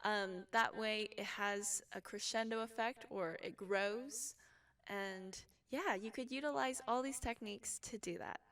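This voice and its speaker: A young woman teaching a casual singing lesson, explaining calmly between sung examples. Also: mid-range voice, a little slow, distant mic. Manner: relaxed explaining, with sung demonstrations. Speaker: vocal instructor.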